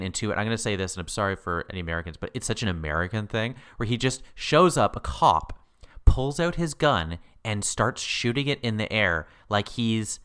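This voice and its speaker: A man with a low-pitched voice co-hosts a podcast, chatting casually about a TV episode. He talks in quick, animated bursts and laughs often. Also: clear, resonant tone. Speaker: podcast co-host. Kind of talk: casual chat about a TV show.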